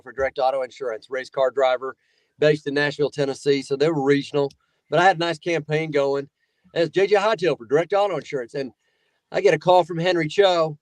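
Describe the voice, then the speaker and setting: A voice-actor guest who tells stories in a loose, rambling, animated way, his voice sitting on the higher side for a man. The recording is close and dry, with no room sound. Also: dry recording. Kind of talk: casual chat.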